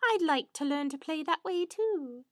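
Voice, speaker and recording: Brief: sly flattering male fox, higher and sweet-talking, storybook, read by a woman. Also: a little slow, no echo, studio quality. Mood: wheedling. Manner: wheedling, flattering.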